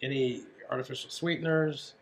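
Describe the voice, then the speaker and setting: A man chatting casually at home on a diet vlog, relaxed and rambling. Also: mid-range voice, normal speed, slight background noise. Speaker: co-host of a keto vlog channel. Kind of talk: casual chat.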